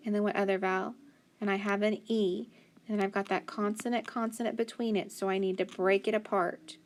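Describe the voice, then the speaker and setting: A woman teacher leads a phonics lesson at an unhurried pace. She stretches out each sound patiently and offers steady encouragement. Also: medium pitch.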